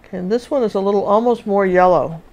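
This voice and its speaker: A woman's voice: medium pitch, quick pace, a little mellow, lo-fi sound, slight background noise. A woman teaches a live painting class in a mid-range voice, chatting as she goes. She thinks aloud while she paints and talks straight to her viewers.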